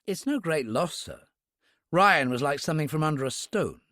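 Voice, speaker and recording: Guy voicing a no-nonsense lady detective, crisp, a bit high. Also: lively intonation, normal speed, sharp tone, no echo, studio quality. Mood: businesslike. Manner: crisp, businesslike. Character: brisk, tough young woman police inspector.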